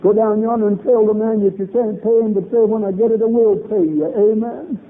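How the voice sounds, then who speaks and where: A man's voice: high voice, steady tone, brisk. A man preaching a revival sermon, fervent and emphatic, repeating lines for emphasis. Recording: tinny old lo-fi recording.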